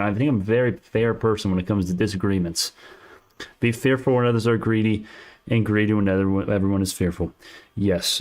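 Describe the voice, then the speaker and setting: A man with a fairly low voice runs a casual stock market livestream, reading and answering chat. He argues his points heatedly and keeps restarting his sentences. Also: a little mellow. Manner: argumentative, restarts sentences often.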